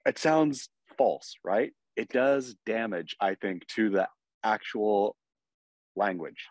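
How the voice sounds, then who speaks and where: An animated American man co-hosting a podcast, his voice sitting a bit low. He drops into mock dialogue and laughs often. The sound is dry and close. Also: slow pace, no room sound. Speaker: podcast co-host. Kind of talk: casual chat.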